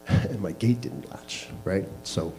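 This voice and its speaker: A man's voice: low voice, slow pace, warm tone, soft background music, poor audio. A man telling a candid personal story to a live audience, laughing at himself as he goes. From Canada. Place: small live venue.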